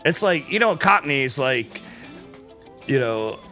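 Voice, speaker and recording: A man's voice: medium pitch, lively intonation, unhurried, sharp tone, soft background music. A man from the American Midwest chatting casually on a stream, laid-back and profane, telling stories with laughs. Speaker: co-host. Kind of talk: casual chat.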